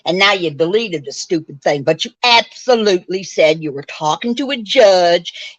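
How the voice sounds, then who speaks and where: A woman in her seventies delivers a blunt, heated, profane monologue to her livestream viewers. Her voice sits low for a woman. The audio is dry and a little muffled, like a home webcam or phone mic. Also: fairly bright tone, no echo. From upstate New York. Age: 70s. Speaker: livestream host.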